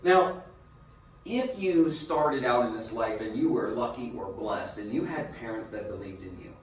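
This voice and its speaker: A man giving a motivational seminar as a business coach, a lively storyteller who asks his listeners rhetorical questions. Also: medium pitch, normal speed. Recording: very echoey room, mic far off, faint noise.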